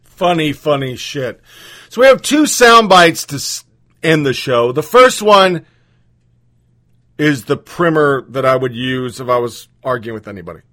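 A man's voice: medium pitch, very animated, measured pace, fairly bright tone. Man ranting as podcast host. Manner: heated, profane, ranting. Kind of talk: political commentary.

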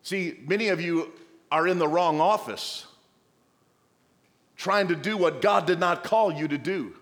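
Male pastor, sermon delivery, exhorting with playful asides, slightly high voice, church hall reverb. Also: measured pace, a bit bright.

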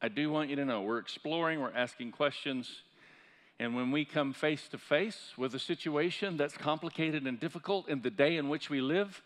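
A man's voice: fairly high pitch, moderate pace. Pastor guy preaching, fired up in spots, echoey church hall. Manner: impassioned preaching, building to loud peaks. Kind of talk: sermon. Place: church sanctuary.

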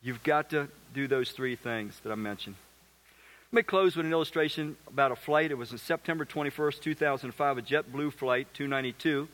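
A man preaching a sermon as pastor, animated, acting out little voices and asking the crowd questions. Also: medium pitch, a little fast.

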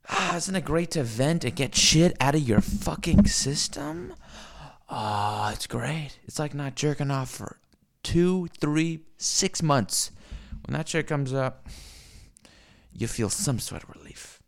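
A man rants alone on a stream in a gravelly, creaky voice. He talks slowly, and his pitch swings up and down a lot. His rambling, profane delivery has a sardonic bite. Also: big pitch swings. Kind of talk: unscripted solo rant.

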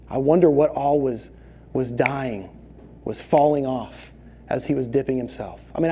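A man preaching a sermon, telling stories with animated, acted-out quotes. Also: medium pitch, breathy edge. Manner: animated storytelling, acts out voices in quotes. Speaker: pastor.

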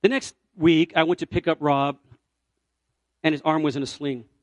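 An evangelist preacher from Puerto Rico tells a story from the pulpit in a high, lifted voice at normal speed, swinging from loud, ringing cries to near-whispers. The sound is close and dry, with no echo or room around it.

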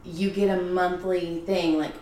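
A woman's voice: fairly low pitch, flat delivery, a little slow, dark tone. A woman author chatting casually and laughing easily, heard through a distant mic in an echoey room with a faint hum. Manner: chatty, giggly, slips into voices. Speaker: self-published author, guest. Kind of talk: casual chat.

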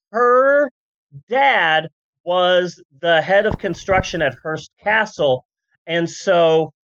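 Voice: medium pitch, no room sound, dull audio. A podcast host telling history in a rambling, jokey way, full of asides and silly voice bits. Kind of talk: comedic history podcast chat.

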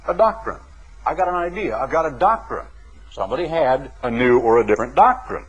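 Male preacher, emphatic and folksy, slightly raspy, on a muffled old broadcast tape. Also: on the high side. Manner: animated, emphatic, folksy asides. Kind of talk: sermon. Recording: dull lo-fi 1980s broadcast recording.

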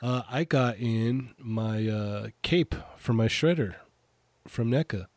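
A man's voice: mid-range voice, slow pace, a little mellow, no echo. A man co-hosting a casual podcast, telling stories in a laid-back way with frequent laughs. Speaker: podcast co-host. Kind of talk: casual chat about toy collecting.

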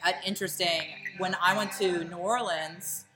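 A woman co-hosting a podcast in casual banter, talking fast, laughing often and swearing casually. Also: on the low side, fairly even intonation. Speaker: podcast co-host.

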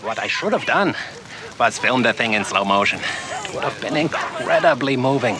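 A man's voice: medium pitch, animated, moderate pace, close to an everyday voice. An actor playing an arrogant, confident male cameraman with a German accent and a bombastic, self-assured manner. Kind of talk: film drama acting. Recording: film clip with background noise.

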